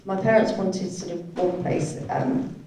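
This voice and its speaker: A woman voicing a deaf presenter's talk at a conference, halting and hedging with many "sort of" and "you know" fillers. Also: fairly low pitch, heavy background noise. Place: large conference hall. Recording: echoey hall from a distant mic.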